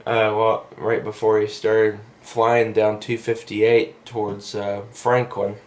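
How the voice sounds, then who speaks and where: A man's voice: fairly low pitch, level tone, takes it slowly. A young man telling a story in a casual vlog, rambling with lots of fillers and asides, recorded on a camera mic. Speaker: vlogger.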